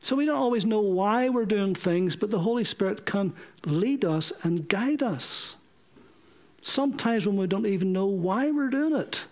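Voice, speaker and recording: A middle-aged man, preaching a sermon through stories and acting out the dialogue he quotes. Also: sits high. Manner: animated, acts out quoted dialogue. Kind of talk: sermon storytelling.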